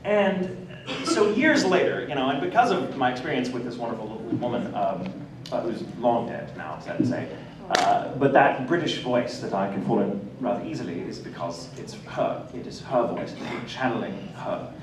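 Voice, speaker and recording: An American man with a medium-pitched voice speaks at a normal pace, picked up from far off in an echoey, noisy hall. He's a voice actor telling stories on a convention panel, animated and laughing often amid plenty of audience laughter.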